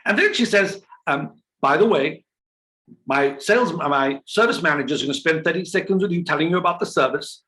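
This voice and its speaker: A man giving an energetic business coaching talk, full of rhetorical questions and playful quoted voices. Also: a little high, a little fast.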